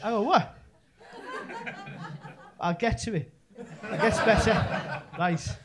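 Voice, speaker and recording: Recorded live in a comedy club over crowd laughter, this young man from Merseyside, England, delivers a rambling stand-up set in a Scouse accent, heavy on local slang. His voice sits high and a little slow, and the recording is very noisy.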